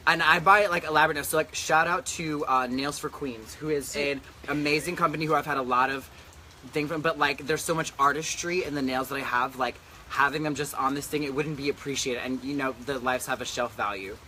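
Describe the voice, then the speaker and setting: Man, drag queen host, sassy and profane, fairly high voice, bright tone, handheld camera, outdoor deck. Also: fairly even intonation, brisk, a little hiss or hum. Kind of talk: casual chat. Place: outdoor back deck in humid rainy weather.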